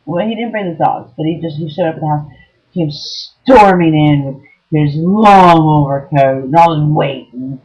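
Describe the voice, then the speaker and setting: Her voice low and a little mellow, a middle-aged woman shares a raw, earnest story about an abusive former partner. She says "um" often and keeps restarting, and the home recording sounds dull and lo-fi.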